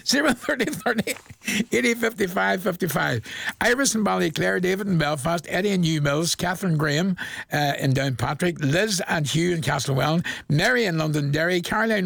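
Northern Irish male radio host, gravelly, slightly high voice, jovial and chatty. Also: no room sound. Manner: jovial, chuckling, reads dedications warmly. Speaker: radio presenter. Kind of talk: chatty radio request show. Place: radio studio.

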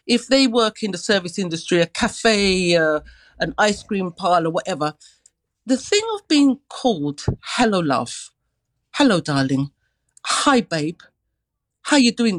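Expressive woman on radio. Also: mid-range voice, no room sound, poor audio. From London. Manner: expressive, acts out greetings. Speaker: radio guest and dance teacher. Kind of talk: live radio chat.

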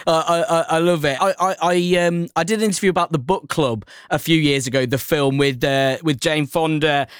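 A man asks eager interview questions, often tripping over his first words. His voice sits a little high. The sound is dry and close. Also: steady tone, fairly quick, hardly any pauses, clear, resonant tone, no echo.

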